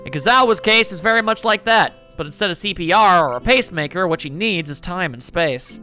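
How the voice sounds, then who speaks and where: A man voicing a patient male schoolteacher who lectures in a measured, roundabout way while reading a visual novel aloud. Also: sits high, expressive, sharp tone, faint music behind. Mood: lecturing.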